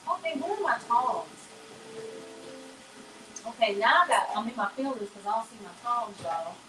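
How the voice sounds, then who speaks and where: With background noise behind her, a woman speaks at normal speed in an expressive, slightly high voice. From her home kitchen she hosts a casual cooking demonstration, chatting folksily and calling her viewers y'all and honey.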